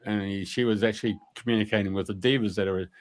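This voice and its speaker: A man's voice: fairly low pitch, fairly even intonation, fast. Rambling man telling a story. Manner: colloquial and rambling, many fillers, mild swearing. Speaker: guest. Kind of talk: storytelling in a radio interview.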